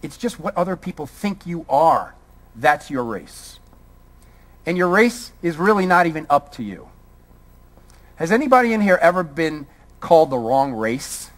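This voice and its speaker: A man's voice: a little high, big pitch swings, moderate pace, pauses often. A man from Brooklyn giving a college lecture, firing a string of rhetorical questions at the audience. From Brooklyn, New York. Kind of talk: public lecture.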